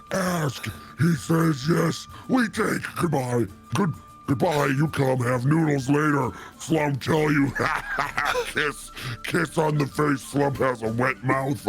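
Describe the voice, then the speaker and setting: Slump, a man doing a gravelly slow-witted brute. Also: on the high side, a bit bright, pitched above the performer's own voice, exaggerated voice. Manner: halting, choppy one-word phrases. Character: simple-minded male brute, speaks in single broken words. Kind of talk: tabletop role-play in character.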